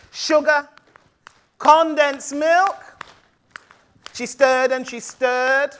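Playful high-voiced woman storyteller. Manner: playful, rhythmic, call-and-response. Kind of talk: live storytelling to an audience.

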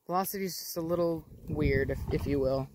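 A woman hosting a casual dog vlog outdoors. She explains training in a chatty way and switches to coaxing baby talk and sharp commands for her dogs. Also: low voice, a little fast, a little hiss or hum. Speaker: dog breeder and channel host.

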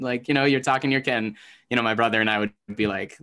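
A man's voice: medium pitch, fast, fairly bright tone. A man from Michigan with a muted Michigan accent, explaining Hebrew pronunciation in a casual, chatty way with many ums and restarts over a video call. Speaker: Hebrew teacher.

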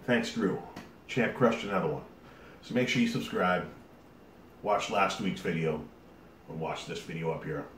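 A deep-voiced man rambles chattily to his viewers, sweating from a hot pepper and leaning on fillers as he talks. He sits back from the mic in an echoey room, and a faint hiss runs under his voice. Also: normal speed, long pauses, a bit bright, far from the mic. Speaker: YouTube host. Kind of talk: casual vlog talk to camera.

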